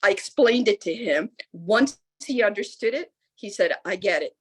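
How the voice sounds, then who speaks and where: A middle-aged woman from the United States, a lieutenant governor speaking as a guest, telling a story with lively acted-out voices. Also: mid-range voice, moderate pace, breathy edge. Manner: animated storyteller acting out quoted voices. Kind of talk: storytelling answer at a public talk.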